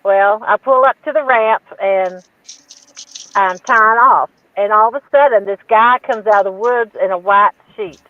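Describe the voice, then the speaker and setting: A woman's voice: mid-range voice, a little slow, a bit bright, no room sound. A woman telling a story as a guest on a call, acting out the dialogue and laughing at herself. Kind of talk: casual storytelling. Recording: dull, dry remote call audio.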